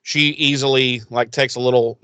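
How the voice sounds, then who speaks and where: A man's voice: mid-range voice, fairly even intonation, moderate pace, pushed and bright, clean tone, no echo. Brief: male podcast co-host, rambling profane storyteller, dead-dry sound. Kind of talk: casual episode recap.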